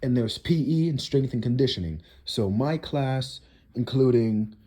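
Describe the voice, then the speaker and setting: A man's voice: medium pitch, measured pace, warm tone. A teenage boy telling a casual storytime monologue, rambling with lots of "you know" and "like" fillers. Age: teens.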